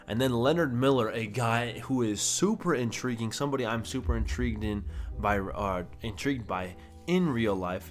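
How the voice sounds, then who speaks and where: A young man casually commenting on a basketball video game, chatty and rattling off stats as he corrects himself. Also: fairly low pitch. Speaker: gaming YouTuber.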